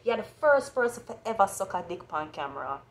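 A woman's voice: medium pitch, big pitch swings, quick pace. A woman with a Jamaican accent giving an astrology reading as a blunt, profane rant. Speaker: astrology reader.

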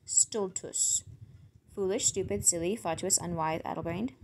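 A woman with a low, gravelly voice works slowly through lists of foreign words and their meanings. She mutters and thinks aloud as she sounds each word out. A faint hiss sits under the recording. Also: darkish tone. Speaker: word channel host. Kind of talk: solo vocabulary reading.

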